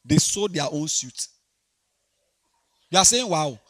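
A man preaching a sermon to young people, animated and repetitive, swinging between quiet talk and shouting. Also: high voice, slow, dry recording, clean studio sound. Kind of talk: sermon to a youth congregation.

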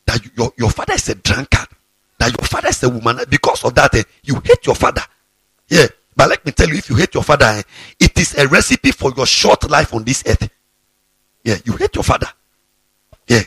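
Fiery husky pastor. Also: male voice, medium pitch, sing-song, brisk, fairly bright tone, no echo. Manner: fiery, scolding, repeats himself. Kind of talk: sermon to students.

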